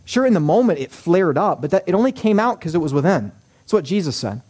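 A man preaching a sermon as pastor, animated, acting out quoted voices with wry humor. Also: sits high, fast talker.

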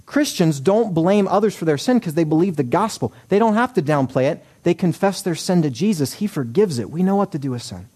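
A man preaching a sermon as pastor, animated, acting out quoted voices with wry humor. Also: a little high, brisk, few pauses, slightly rough.

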